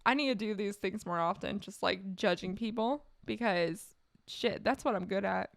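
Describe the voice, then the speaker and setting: Reading aloud on her live stream, a streamer from California reacts casually and wryly, often slipping into quick bursts of laughter. Her voice is medium-pitched and gravelly, captured at studio quality without any echo.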